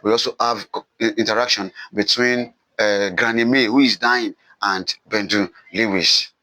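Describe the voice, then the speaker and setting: A man's voice: fairly low pitch, fairly even intonation, normal speed, bright, forceful tone, no echo, low-quality recording. A man teaching a recorded literature lesson, repeating key points with emphasis and answering his own questions. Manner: repetitive, emphatic, asks questions and answers them himself.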